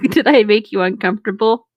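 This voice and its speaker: A woman's voice: mid-range voice, moderate pace, no echo, dull audio. A woman, reading a story aloud and bantering with crude jokes and frequent laughter. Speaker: story reader and co-host.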